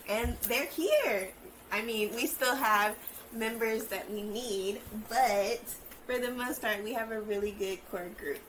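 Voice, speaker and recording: A woman's voice: a little high, measured pace, fairly bright tone, a little hiss or hum, rough recording. A woman hosting a podcast as a mother, talking casually and encouragingly and often asking "right?". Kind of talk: casual chat.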